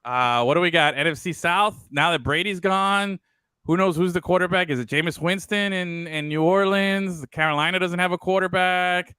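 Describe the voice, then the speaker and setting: A man with a bright, crisp voice talks football in a loose, rambling way, swearing freely. The sound is dry and close. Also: sits high, moderate pace, no echo. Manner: loose and profane, rambling with fillers. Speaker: podcast co-host. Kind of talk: casual sports talk.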